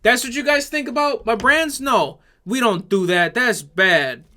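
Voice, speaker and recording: A man's voice: extremely high pitch, a little slow, sharp tone, pitched above the performer's own voice, heavily acted. A man putting on a mocking voice of a flustered, clueless corporate spokesperson.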